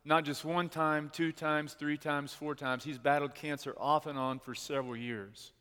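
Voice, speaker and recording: A man preaching a sermon as pastor, telling a personal story in an earnest way and slowing down to stress key words. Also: a little high, level tone, pushed and bright, clean tone. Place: church sanctuary. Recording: long hall reverb.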